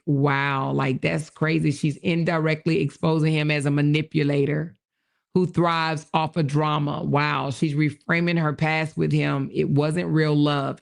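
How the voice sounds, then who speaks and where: Woman on a livestream, gravelly voice, reading out comments and going "wow". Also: deep voice. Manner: reacts with exclamations, reads comments and messages aloud. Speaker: livestream host. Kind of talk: casual livestream commentary, reading chat aloud.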